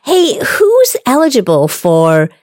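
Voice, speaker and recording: A woman hosting an interview podcast, engaged and quick to affirm her guest. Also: on the high side, wildly swooping pitch, a little mellow, no echo, studio quality. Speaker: podcast host. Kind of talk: conversational interview.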